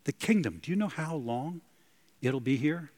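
A man's voice: a little high, lively intonation, moderate pace, darkish tone. A male pastor preaching a sermon, dramatic, breaking into gasps and soaring on emphatic lines.

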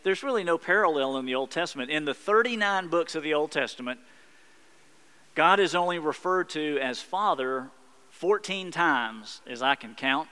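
A male pastor delivers a sermon in an earnest, reflective way, building emphasis through repetition. His voice is slightly high, bright and smooth. The long reverb of a church hall carries it. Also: expressive, moderate pace.

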